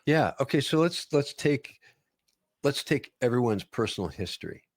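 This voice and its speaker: A man's voice: medium pitch, normal speed, dry recording, clean studio sound. A man who grew up in northern Minnesota, telling stories in a casual interview and slipping into playful voices now and then. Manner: animated storyteller, slips into playful impressions. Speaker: guest, voice-over artist and author.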